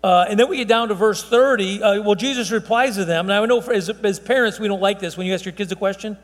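Man preaching, high voice, conversational and emphatic, long reverb of a church hall. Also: fast. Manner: conversational, emphatic, with fillers and restarts. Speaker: pastor. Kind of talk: sermon, verse-by-verse Bible teaching.

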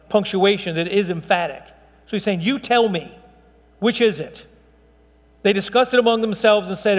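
Pastor guy teaching scripture, high-pitched, chatty and emphatic, lots of uh and restarts, echoey sanctuary. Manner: conversational, emphatic, with fillers and restarts. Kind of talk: sermon, verse-by-verse Bible teaching.

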